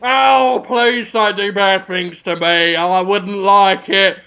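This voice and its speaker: A man's voice: fairly even intonation, slow pace, bright, forceful tone, smooth, muffled recording, heavily acted. A man voicing a frightened young woman walking home at night, pleading. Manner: shrill, pleading.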